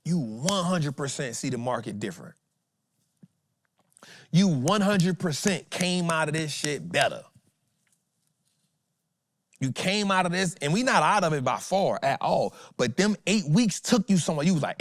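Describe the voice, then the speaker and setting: A man hosting a stock trading talk, animated and preachy, swinging between loud and soft as he acts out quotes. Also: on the high side, normal speed, long pauses, no echo, studio quality. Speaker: host.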